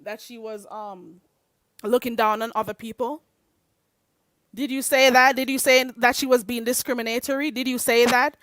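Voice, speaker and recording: A woman's voice: a little high, fairly even intonation, moderate pace, fairly bright tone, no echo. Heated Jamaican woman ranting on livestream. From Caribbean. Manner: confrontational, heated, slips into patois. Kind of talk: livestream rant to chat.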